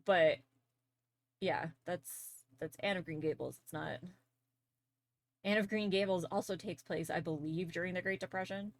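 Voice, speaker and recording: A woman's voice: on the low side, moderate pace, pauses often. A young Canadian woman with a Canadian accent, chatting casually and rambling with lots of fillers while she draws on a livestream. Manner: rambling, filler-heavy, laughs easily. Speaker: streamer. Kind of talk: casual chat while drawing on stream.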